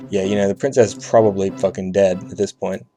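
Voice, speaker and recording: A very deep, mellow-voiced man hosts a let's play with loose, irreverent jokes. Faint music plays under his commentary. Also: flat delivery, quick pace. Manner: joking, irreverent. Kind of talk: casual game commentary.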